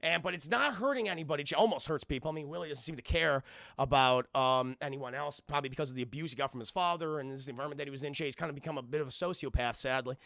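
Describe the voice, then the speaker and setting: A man streaming a casual recap of a cartoon episode, excitable, swearing often and restarting his sentences as he talks to his chat. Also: on the high side, rapid-fire, creaky, no room sound, studio quality.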